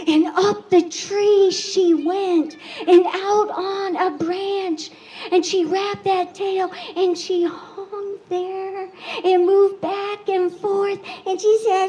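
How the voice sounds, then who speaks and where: Slow, dramatic woman storyteller. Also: very high voice, steady tone, warm tone, poor audio. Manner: slow, dramatic, drops to a whisper. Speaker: storyteller at a rally. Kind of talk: oral storytelling, fable.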